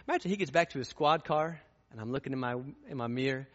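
A man's voice: mid-range voice, animated, fast, in a large hall, lo-fi sound. A man preaching a sermon, storytelling and then pressing his points with fervent, rising intensity. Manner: impassioned, rising to fervent peaks.

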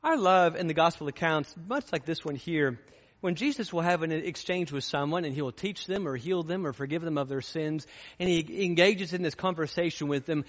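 A man's voice: a little high, moderate pace, fairly bright tone, in a large hall, dull audio. A man preaching a sermon, storytelling and then pressing his points with fervent, rising intensity. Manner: impassioned, rising to fervent peaks.

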